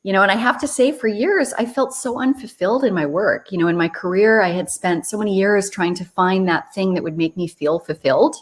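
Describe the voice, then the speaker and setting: An earnest woman talks through her story in an interview. Her voice sits at an ordinary middle pitch, and she speaks reflectively, restarting phrases and laughing softly. It sounds like a video call. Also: a little fast, few pauses. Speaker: children's book author, guest. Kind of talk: conversational interview.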